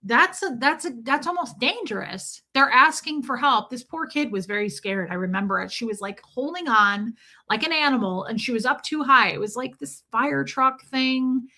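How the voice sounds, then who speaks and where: A middle-aged woman hosts a casual livestream, chatting freely and calling out viewers by name. Her voice sits a little high and has a bright, forceful edge. She talks in an opinionated, conversational way. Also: animated, normal speed. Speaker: livestream host. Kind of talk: casual livestream chat reading viewer comments.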